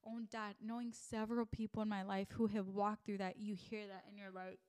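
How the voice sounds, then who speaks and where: Young female podcast host, lively storyteller who acts out her own thoughts. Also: mid-range voice, a little fast, smooth. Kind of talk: faith podcast conversation.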